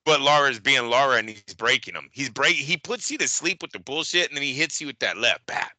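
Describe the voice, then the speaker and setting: A man co-hosting a casual boxing talk show, animated and profane, acting out fight-night scenes. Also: medium pitch, brisk, no echo.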